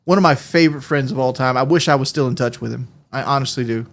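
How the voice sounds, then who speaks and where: A male game streamer in loose livestream chat, pitched in an ordinary middle range. He rambles from story to story and swears freely. He breaks into easy laughter as he goes. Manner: rambling, profane, quick to laugh.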